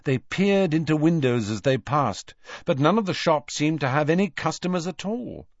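A man narrating a storybook aloud in a measured, expressive reading. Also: on the high side, no echo, highs cut off. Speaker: audiobook narrator. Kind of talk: scripted narration.

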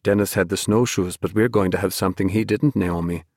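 A man voicing a steady, farm-raised young man who speaks in terse, quiet lines. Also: low voice, a little fast, no echo, studio quality.

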